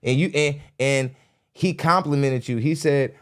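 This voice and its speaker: This is ranting reaction commentary from a young adult podcast host, recorded on a studio mic. His smooth voice moves a little slowly as he mocks a dating show bluntly, laughs between jabs, and imitates people in high, squeaky voices.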